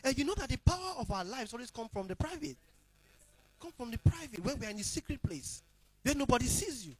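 A male pastor with a high voice delivers a sermon, hammering points through repetition. He swings between loud declarations and quiet, hushed asides. The sound is close and dry, with no room echo.

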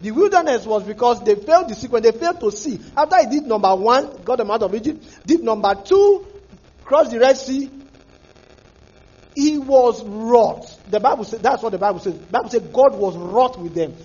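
Pastor preaching hard, really high voice, husky, bouncy pitch. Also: male voice, animated, normal speed, darkish tone, muffled recording. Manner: fervent, repetitive preaching with restarts. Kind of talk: sermon.

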